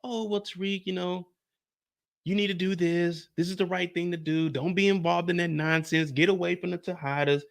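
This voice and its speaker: A man imitating a mother softly lecturing her son. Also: high voice, fairly even intonation, normal speed, vocal fry. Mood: preachy.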